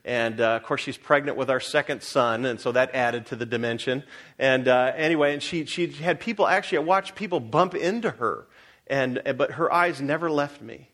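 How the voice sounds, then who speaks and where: A middle-aged male pastor with a mid-range voice preaches at a moderate pace. He puts questions to his congregation and shifts between loud exhortation and quiet personal stories.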